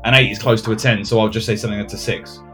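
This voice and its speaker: A man hosting a podcast in casual chat, relaxed and thoughtful, often trailing off and restarting. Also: fairly low pitch, racing, soft background music.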